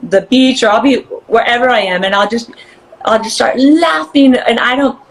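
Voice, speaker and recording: A woman guest in a casual interview chat, bubbly and quick to laugh, acting out voices as she tells stories. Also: a little high, animated, rough recording.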